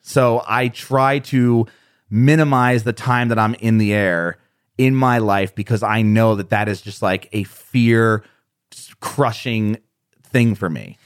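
A man's voice: lowish voice, takes it slowly, clear, resonant tone, no echo, clean studio sound. A man speaking as a guest on a podcast, rambling and self-deprecating, often laughing. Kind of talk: conversational interview.

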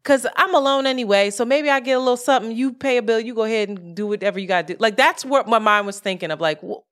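A woman co-hosting a podcast, talking casually in a profane, animated rant about money and frustration. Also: on the high side, quick pace. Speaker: podcast co-host. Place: lives in Brooklyn.

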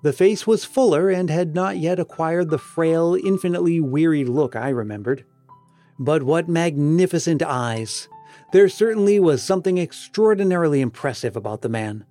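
A man reading a story aloud as narrator, in a measured way that slows for emphasis. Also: on the high side, mellow, faint music behind. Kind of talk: audiobook narration.

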